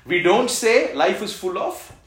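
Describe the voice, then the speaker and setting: A man preaching a sermon as pastor, calling out lines for the congregation to repeat and swinging between loud exhortation and soft reassurance. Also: high voice, sing-song, measured pace. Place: church hall. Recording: echoey church hall.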